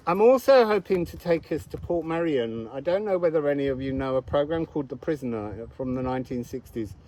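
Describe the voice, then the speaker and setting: A man's voice: on the high side, expressive, fairly quick, hardly any pauses, mellow, rough recording. A man giving a casual, meandering astrology and card reading outdoors, thinking aloud as he goes.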